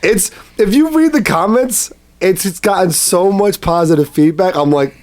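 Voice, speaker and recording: A man as a podcast guest in casual chat, retelling scenes with lively quoted voices. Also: sits high, moderate pace. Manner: animated retelling, acting out quotes.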